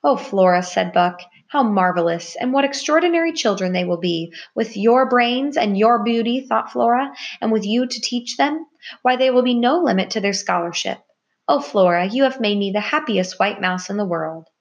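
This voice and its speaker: A woman voicing a gentle, fond male white mouse, once a pet, speaking fondly and gently. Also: lowish voice, animated, moderate pace, vocal fry, lo-fi sound.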